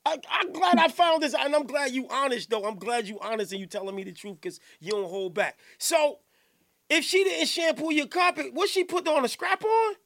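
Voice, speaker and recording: Male podcast host, very high and bright voice, rowdy, laughs and shouts a lot. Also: moderate pace, vocal fry. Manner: excitable, laughs and shouts, keeps saying hold on. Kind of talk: rowdy live podcast chat.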